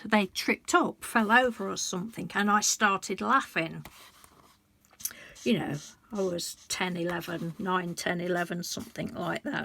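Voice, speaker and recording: A woman's voice: medium pitch, vocal fry, fairly bright tone, slight background noise. A woman in her sixties, talking heartfelt and confiding in a rambling way to her vlog viewers, often breaking off and restarting her sentences. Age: 60s. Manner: rambling, self-interrupting storytelling; emotional and confiding. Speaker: colouring book vlogger. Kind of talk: heartfelt casual chat.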